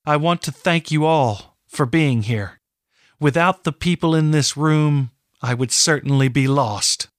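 A fierce, loyal young heroine of a fantasy storybook, as a male narrator puts her on. Her voice rides high with a strained, unusual timbre. The reading is slow and dry. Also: dry recording, natural voice. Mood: heartfelt. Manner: furious demanding when wronged.

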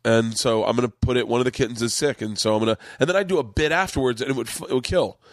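This is a middle-aged podcast host and comedian racing through a meandering, profanity-laced anecdote in casual chat, voicing everyone else's quotes himself. The pitch is medium and there's no echo.

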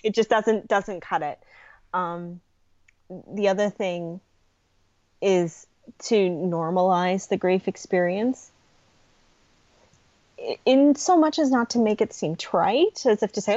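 A middle-aged woman, a guest on a podcast, speaking earnestly and gently about grief support, with frequent pauses and ums. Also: mid-range voice, expressive, no echo, muffled recording. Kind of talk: podcast interview conversation.

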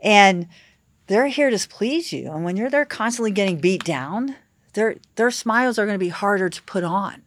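A woman, a yacht captain guest, telling lively anecdotes in a casual podcast chat and acting out what people said. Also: mid-range voice, moderate pace, a little hiss or hum. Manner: animated anecdotes with acted-out quotes.

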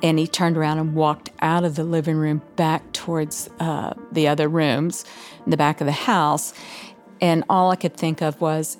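A woman calmly and haltingly remembers a scary moment from her past. Her voice sits very low. Faint music plays beneath her. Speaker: interviewee. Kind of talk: personal story told to an interviewer.

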